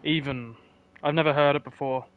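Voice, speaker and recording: A man's voice: a little high, steady tone, normal speed, clean tone, narrow, tinny audio. A man with an Australian accent chatting casually on a live game stream, trading joking, defensive banter with his viewers. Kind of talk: casual live-stream chat while gaming.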